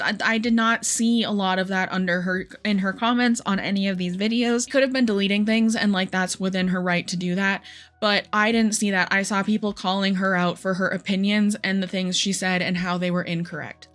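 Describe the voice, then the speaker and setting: A woman's voice: medium pitch, a bit bright. Brief: young woman, heated commentary rant, light music underneath. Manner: heated, frustrated ranting. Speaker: commentary creator. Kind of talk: reaction commentary.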